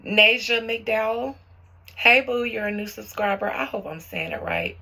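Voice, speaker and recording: A young woman hosting her own channel as a tarot reader, chatting warmly with viewers and calling them boo and y'all as she reads out their comments. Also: mid-range voice, wildly swooping pitch, moderate pace. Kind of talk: casual chat to viewers, reading out comments.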